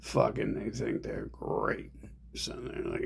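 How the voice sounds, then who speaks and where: A man's voice: deep voice, big pitch swings, takes it slowly, gravelly, slightly rough. A man ranting in a rambling monologue, profane and agitated, speaking as an online commentator.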